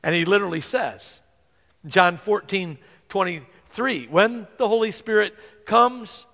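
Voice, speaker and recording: A man preaching a sermon, earnest, slowing down to stress scripture verses. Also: sits high, vocal fry, fairly bright tone. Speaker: pastor. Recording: long hall reverb.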